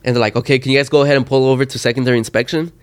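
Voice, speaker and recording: Fast-talking animated storyteller man. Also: mid-range voice, smooth. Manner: animated, acts out quotes, swears a lot. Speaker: podcast co-host. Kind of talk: casual storytelling chat.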